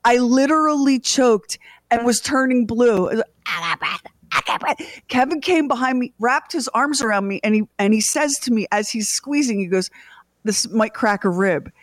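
A middle-aged woman co-hosting a morning radio show tells a family story with drama, restarting often and acting out the quotes. Her voice sits on the high side at a normal speed, recorded dry with studio quality. It's casual, animated on-air storytelling.

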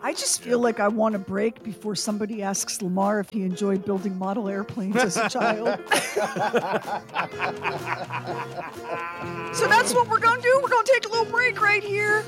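A woman's voice: on the high side, fairly even intonation, moderate pace, pauses often, over loud music. A woman hosting a radio talk show, teasing her co-host and leading into a break. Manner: playful, teasing.

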